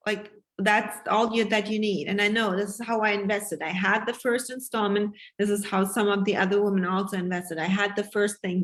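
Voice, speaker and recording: A woman's voice: mid-range voice, fairly even intonation, normal speed, few pauses, fairly bright tone. Passionate woman coach swearing freely. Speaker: business coach. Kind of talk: live sales pitch to an online group.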